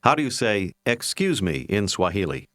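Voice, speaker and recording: A man narrating a recorded language lesson in a clear, measured, teacherly way. His voice sits on the low side but moves with lively intonation. The sound is dry and close. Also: dry recording. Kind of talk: scripted language-lesson instruction.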